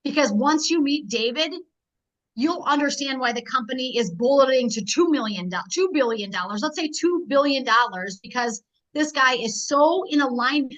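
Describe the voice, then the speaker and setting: A middle-aged woman giving an energetic, rallying business training talk as a network marketing team leader, telling stories quickly. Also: high-pitched. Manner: energetic, rallying, rapid storytelling. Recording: dull lo-fi recording.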